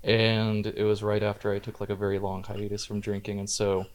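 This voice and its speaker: A man telling a casual story on a podcast, laughing often, swearing and loudly acting out quotes. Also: fairly low pitch, monotone, brisk. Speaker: podcast guest. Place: living room in a house.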